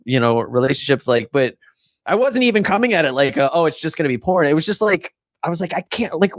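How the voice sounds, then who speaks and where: A man talks eagerly as a podcast guest, acting out his own reactions. His voice is a bit high, and the sound is dry and close. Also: expressive, quick pace, dry recording. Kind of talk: casual chat.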